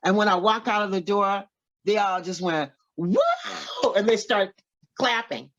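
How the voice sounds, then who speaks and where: With a mid-range voice and moderate pace, a woman in her seventies from Oklahoma, a singer being interviewed, tells a story vividly, imitating what other people said. The recording is muffled.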